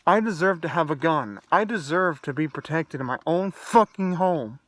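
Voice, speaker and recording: Young male vlogger, heated profane rant, voice on the high side, dry close sound. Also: expressive, normal speed, fairly bright tone, dry recording. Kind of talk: angry solo rant to camera.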